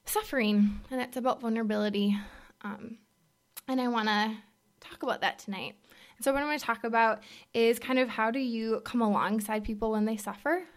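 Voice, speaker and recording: Young woman giving a halting faith talk. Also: a little high. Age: young adult. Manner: candid, halting, full of fillers; drops to a whisper at moments. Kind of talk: personal testimony talk.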